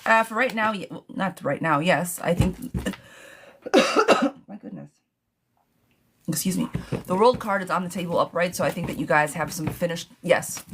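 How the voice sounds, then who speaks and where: A woman doing a live tarot reading for viewers, answering them in a playful, gossipy way. Her voice sits on the low side and she calls everyone darling or girl. A faint background noise runs under the recording. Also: normal speed, pauses often. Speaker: tarot reader.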